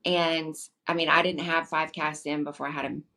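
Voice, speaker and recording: A woman's voice: deep voice, flat delivery, moderate pace, sharp tone. A woman co-hosting a podcast, telling listeners about a fishing tournament in an easygoing way. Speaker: podcast co-host. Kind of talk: casual storytelling chat.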